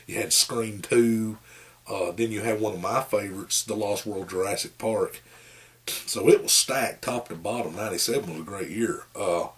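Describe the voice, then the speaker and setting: A man, giving a rambling, folksy movie review with lots of fillers. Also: lowish voice. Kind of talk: casual rambling monologue.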